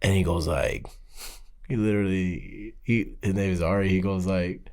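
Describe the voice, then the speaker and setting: A man's voice: deep voice, normal speed. A man guest on a podcast, telling a long story in casual talk and acting out the dialogue. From Miami. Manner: animated, acts out quoted dialogue.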